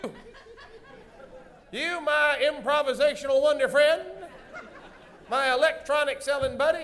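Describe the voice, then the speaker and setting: A man hosting a live stage comedy show, folksy and teasing, loudly acting out bits for the audience. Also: extremely high pitch, normal speed, long pauses. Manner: loud, folksy, teasing, acts out bits for the crowd. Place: stage of a large indoor comedy theater. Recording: live venue with band music and crowd noise.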